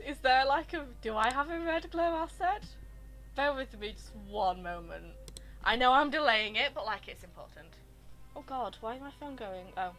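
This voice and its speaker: A woman's voice: a little high, a bit bright. A woman streaming a game, chatting casually in a gushing, rambling way. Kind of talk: casual live-stream chat over gameplay.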